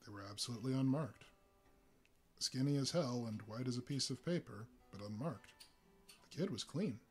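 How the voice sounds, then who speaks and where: A man giving a live reading of a story, relaxed, with small slips and fillers. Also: medium pitch. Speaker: reader.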